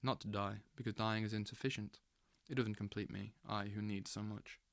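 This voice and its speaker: Man, audiobook narration, intense dramatic reading, low voice, monotone, dry close mic. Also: moderate pace, gravelly, dry recording. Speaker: audiobook reader.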